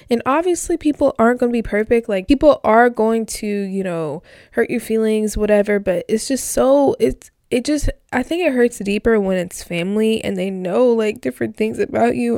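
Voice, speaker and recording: A woman's voice: on the high side, normal speed, creaky, a little mellow, no room sound. A young woman talking in a casual, emotional diary vlog from home into a close mic, with lots of fillers and free swearing. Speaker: vlogger. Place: home, indoors.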